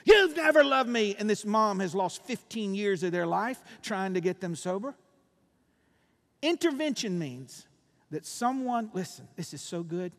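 A man, preaching a sermon with animated swings from loud bursts to quiet intensity. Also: high voice, a little slow, big-room sound. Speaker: pastor.

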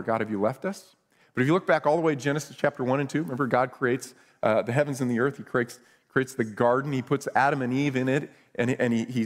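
A man preaching a sermon as pastor, earnest and conversational, often repeating words as he goes. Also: medium pitch.

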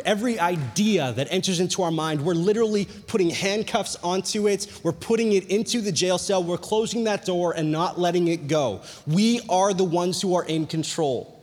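Young male preacher, high voice, chatty storytelling sermon, hall reverb. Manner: animated, chatty storytelling with many "like"s.

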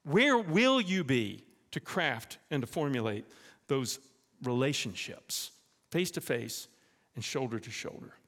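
A pastor preaches a sermon in a church, telling animated stories and appealing directly to his congregation. His voice is medium-pitched and a little slow, and the hall echoes around him.

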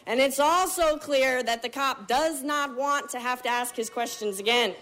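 A woman telling a story on a stage, animated and vivid, switching voices to act out scenes. Her voice sits a little high, and she tells it with a performer's sense of timing. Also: normal speed. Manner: animated, vivid, acts out other people's lines.

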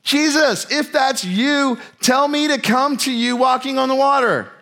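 Guy putting on a rash fisherman disciple, eager and pleading, voice way up high. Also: unhurried, gravelly, bright, forceful tone, heavily acted. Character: impulsive male fisherman disciple, bold and rash.

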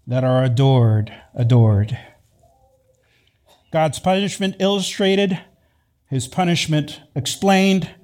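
A man preaching a sermon in a measured, emphatic way, repeating key phrases for weight. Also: mid-range voice, dark tone. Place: church sanctuary.

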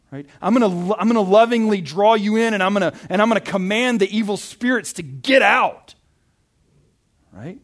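A male pastor giving a conversational sermon, reading scripture and retelling it with lively asides and stammered restarts. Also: on the high side.

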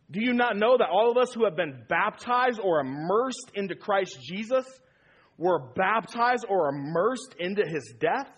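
A man's voice: high voice, lively intonation, measured pace, slightly rough, lo-fi sound. A man preaching a sermon as pastor, emphatic and repeating key phrases for weight.

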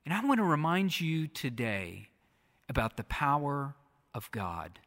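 A man's voice: on the high side, sing-song, a little slow. Man preaching in a reverberant hall. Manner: preaching with repetition, dropping to a soft hush. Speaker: pastor. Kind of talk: sermon. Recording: long reverb of a large hall.

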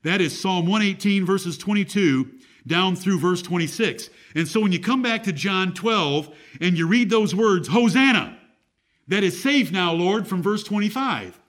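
A man's voice: sits high, normal speed. A man preaching a Bible-teaching sermon who reads scripture aloud in a raised, declaiming voice and asks the audience questions. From United States.

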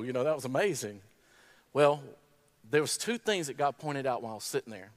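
A man giving a sermon at a graduation service. He tells a story in a relaxed way, rises to a fervent call, and closes with a quiet prayer. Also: medium pitch, fast. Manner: storytelling, climbs to impassioned exhortation. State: tearful at times.

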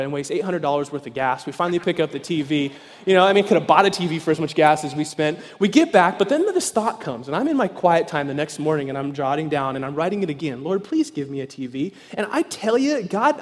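A man preaching an evening sermon as pastor, telling a story animatedly and acting out voices, sometimes shouting with excitement. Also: fairly high pitch. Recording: long reverb in a large hall.

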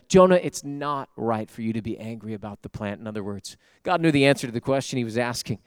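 A man preaching a sermon as pastor, swinging emphatically between loud bursts and soft, quiet stretches, speaking to listeners at home. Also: mid-range voice, expressive, quick pace, hardly any pauses, clear, resonant tone, no echo, clean studio sound.

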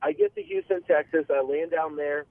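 Male caller on a phone line, earnest and halting, tinny phone sound. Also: a little high, wildly swooping pitch, gravelly, no room sound. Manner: earnest, halting storyteller with many restarts. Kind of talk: call-in testimony.

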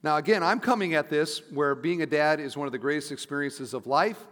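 A middle-aged man, a pastor, giving a conversational sermon, dropping to soft asides and rising to emphatic points. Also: on the high side, fairly quick. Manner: conversational preaching, shifting between soft asides and emphatic rises. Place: church sanctuary. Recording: long reverb of a large hall.

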